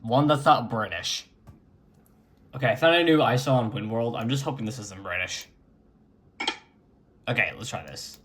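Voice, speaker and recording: A man's voice: mid-range voice, fairly bright tone. A man chatting casually as he records his screen and talks through an old computer setup. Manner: unhurried, chatty, mutters while clicking. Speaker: retro computing vlogger.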